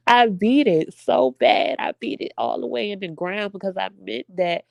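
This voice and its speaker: A woman's voice: medium pitch, expressive, moderate pace, vocal fry, no echo. A young woman venting to her viewers in a casual, emphatic heart-to-heart, addressing them as y'all. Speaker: vlogger.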